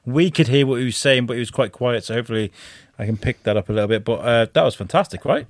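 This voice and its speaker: A man co-hosting a podcast, chatty and easygoing, voice at a middle pitch. The sound is close and dry, like a home setup with no room echo. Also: fast. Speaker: podcast co-host. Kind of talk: casual chat.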